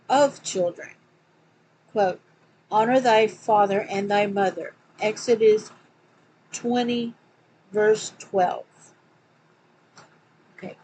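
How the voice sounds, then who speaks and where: A woman with a Southern accent reading a religious book aloud, with hesitant asides and slow, louder scripture quotes. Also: medium pitch, slight background noise, rough recording. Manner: hesitant, many fillers, slows and gets louder when quoting scripture. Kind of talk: casual read-aloud with asides. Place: home.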